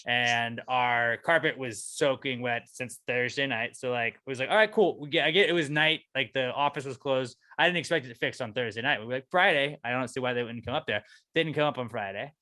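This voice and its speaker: Bright-voiced man ranting on a podcast. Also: medium pitch, a little fast, no echo. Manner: ranting, profane storytelling, voice rising when angry. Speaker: podcast co-host. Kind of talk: casual chat.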